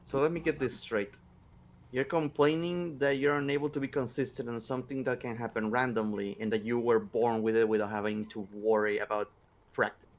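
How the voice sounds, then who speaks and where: A man's voice: mid-range voice, fairly even intonation, a little fast. A man playing in a tabletop game, sarcastic and mocking.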